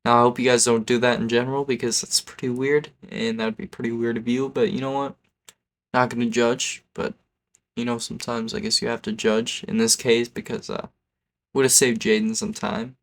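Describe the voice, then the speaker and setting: A man's voice: medium pitch, flat delivery, brisk, creaky. A man telling a story on his video channel in a rambling way, often tacking on "okay?" and "like". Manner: rambling, keeps adding "okay?" and "like". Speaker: YouTuber. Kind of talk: storytime vlog.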